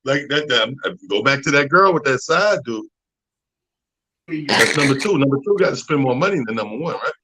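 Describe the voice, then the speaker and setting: A man's voice: medium pitch, normal speed, husky, rough recording. A man joking through a casual sports debate. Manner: joking, animated. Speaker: sports panelist.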